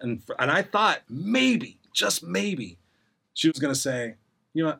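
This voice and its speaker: A man's voice: on the high side, big pitch swings, moderate pace, gravelly, pushed and bright, husky. A middle-aged man telling a rambling personal story as an interview guest, acting out the voices of people he quotes.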